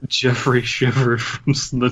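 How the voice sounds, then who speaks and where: A man's voice: medium pitch, level tone, takes it slowly, a bit bright. A man co-hosting a comedy podcast, reading fanfiction aloud and breaking into laughter mid-sentence.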